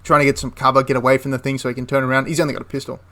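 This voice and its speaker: This young history channel host talks very fast in a mid-range, slightly bright voice with little pitch movement. His retelling of a wartime story is casual and chatty, and he tends to fix his wording mid-sentence.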